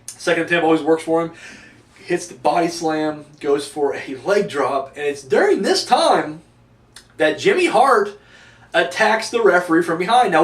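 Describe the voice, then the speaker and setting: A man giving a casual, rambling and profane video review, with a sarcastic edge. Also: high-pitched. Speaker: wrestling reviewer. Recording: echoey room, distant mic.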